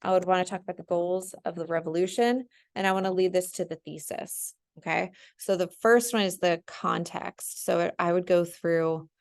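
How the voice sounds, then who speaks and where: A woman's voice: on the low side, fairly even intonation, normal speed, vocal fry, hardly any pauses, darkish tone. A young woman teacher talking through an essay outline on screen, chatty and full of ums and "right?". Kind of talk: casual screen-share lesson.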